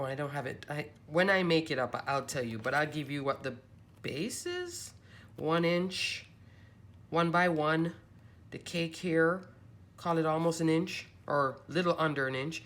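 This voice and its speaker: Low-voiced woman chatting through a craft haul. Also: fairly bright tone. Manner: chatty, gushing, thinks aloud while measuring. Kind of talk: casual show-and-tell chat.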